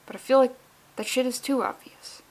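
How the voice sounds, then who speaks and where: A woman vlogging a casual comic book read-along, with sarcastic, profane and animated rants. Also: sits high, brisk.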